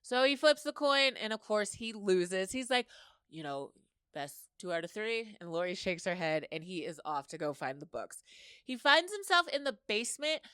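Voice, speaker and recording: A woman hosts a podcast, recapping a story in a relaxed, talkative way and dropping into quoted back-and-forth between characters. Her voice is smooth and clear, sitting at an ordinary pitch. The sound is close and dry, with no room echo. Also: normal speed. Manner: chatty retelling of a story, slipping into quoted dialogue. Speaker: podcast host. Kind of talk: casual episode recap.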